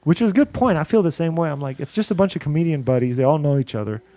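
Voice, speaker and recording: A man's voice: on the high side, lively intonation, rapid-fire, mellow. A man hosting a podcast, chatting casually and reading listener reviews aloud, rambling with fillers and frequent laughs, with a mixed Indian-American accent. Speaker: podcast host.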